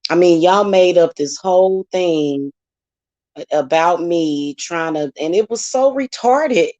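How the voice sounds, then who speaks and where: Speaking slowly with a warm tone and a lowish voice, this spiritual reader and channel host aims an angry, profane, confrontational vlog rant at her critics. The recording is muffled, with no room sound.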